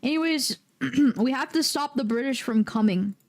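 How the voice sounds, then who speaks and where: Young woman streamer, kinda high voice, rambly and sweary, jokes around. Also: expressive, normal speed. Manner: rambling, profane, jokey. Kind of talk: casual livestream chat.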